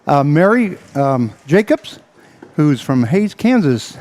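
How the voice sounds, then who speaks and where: A man's voice: on the high side, very animated, darkish tone. Breathless baseball announcer, a man. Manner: halting, filler-heavy play-by-play with frequent uhs. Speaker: play-by-play announcer. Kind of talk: baseball radio commentary.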